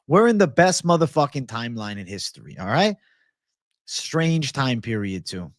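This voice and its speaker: A man's voice: mid-range voice, big pitch swings, moderate pace, dry recording, studio quality. A man hosting a casual livestream and answering viewer comments in a blunt, laid-back, profane way. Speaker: livestream host.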